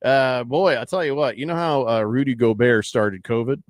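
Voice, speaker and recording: A man hosting sports radio talk, jokey and animated, reading listener comments aloud. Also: mid-range voice, normal speed, dry recording, clean studio sound. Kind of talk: casual sports radio banter.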